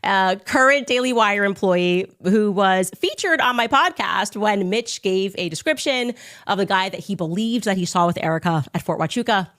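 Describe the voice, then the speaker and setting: A woman in her thirties hosting a podcast, telling a story in a sarcastic, animated way. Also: mid-range voice, moderate pace. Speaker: podcast host. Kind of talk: storytelling monologue.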